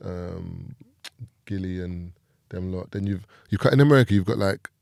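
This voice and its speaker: British guy, low and gravelly, rambly podcast chat, dry close sound. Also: moderate pace, darkish tone, dry recording. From United Kingdom. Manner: loose, rambling, many fillers. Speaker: podcast guest. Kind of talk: casual chat.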